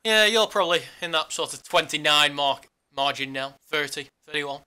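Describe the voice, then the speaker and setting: A man's voice: a little high, moderate pace, sharp tone, clean tone. A man co-hosting a casual sports podcast, teasing his partner in jokey banter. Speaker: podcast co-host.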